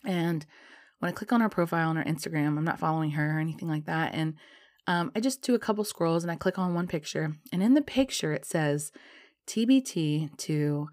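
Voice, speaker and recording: A woman vlogger telling a personal story in a casual, animated way, swearing and laughing as she goes. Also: low-pitched, a little fast.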